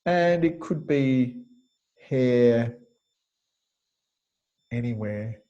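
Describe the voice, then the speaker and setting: Give me a man at mid pitch teaching a webinar class, explaining as he thinks aloud. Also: expressive, drawn-out words, mellow, muffled recording. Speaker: kinesiology teacher. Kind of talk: webinar lecture.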